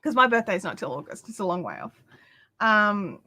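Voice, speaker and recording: A woman's voice: mid-range voice, sing-song, moderate pace, pushed and bright. A woman hosting a craft livestream, chatting casually with viewers and reading their comments with lots of fillers and asides.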